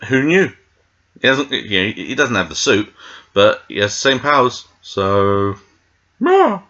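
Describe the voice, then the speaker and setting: A man's voice: medium pitch, wildly swooping pitch, a little slow, pushed and bright, highs cut off. A British man reviewing a TV episode in a meandering, tangent-filled casual chat, full of fillers. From Britain. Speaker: TV show reviewer.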